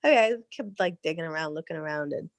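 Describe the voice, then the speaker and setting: A woman in her thirties in casual conversation, chatty and animated, laughing often and restarting her sentences. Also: low-pitched, fast, vocal fry, dry recording. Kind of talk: casual chat.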